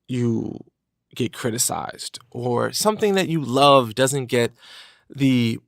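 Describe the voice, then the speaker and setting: A man hosting a motivational podcast, talking in an energetic, casual way with slang. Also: mid-range voice, creaky, no echo, clean studio sound. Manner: energetic, animated, conversational with slang. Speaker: podcast host.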